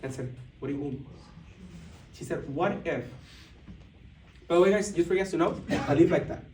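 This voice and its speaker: A man telling a story to a live audience at a business event, animated, acting out what people said, with many restarts. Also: on the high side, normal speed, noisy background. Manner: animated, acts out dialogue, frequent restarts. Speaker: motivational speaker at a business event. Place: large indoor event room. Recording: echoey hall, mic heard from a distance.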